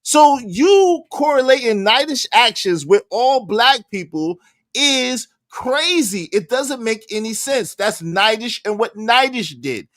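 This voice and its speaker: A man's voice: extremely high pitch, animated, takes it slowly, a bit bright, no echo, clean studio sound. A man hosting a live stream, arguing with a guest and greeting chat members by name. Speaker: livestream host. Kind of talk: casual live-stream debate.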